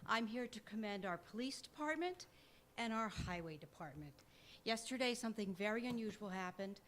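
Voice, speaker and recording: A woman's voice: medium pitch, animated, normal speed, fairly bright tone, a little hiss or hum. A woman telling an earnest story during public comment at a town board meeting.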